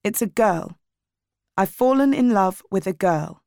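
A woman's voice: medium pitch, expressive, unhurried, gravelly, warm tone, no echo, studio quality. A woman voicing a hurt, angry teenage girl with blunt, defiant replies in a storybook reading.

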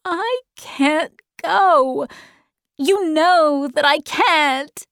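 Woman reader as a young girl in a storybook: raised, urgent pitch, slow and pleading. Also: dry recording, clean studio sound. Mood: resolved.

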